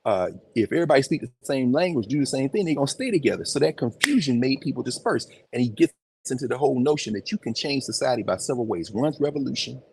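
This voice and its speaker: A man giving an informal, animated lecture on location in a museum, talking conversationally with emphatic asides. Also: medium pitch, quick pace, gravelly, a little hiss or hum. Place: museum, indoors.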